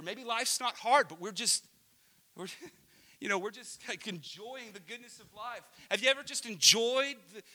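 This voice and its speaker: A man in his thirties preaching in a passionate, animated way, swinging from soft asides to loud emphasis. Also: high-pitched. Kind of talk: sermon-style storytelling.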